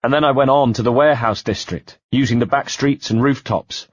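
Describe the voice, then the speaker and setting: A man narrating an audiobook in the first person, measured and quietly tense. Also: medium pitch, no room sound. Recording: dull dry home-studio sound.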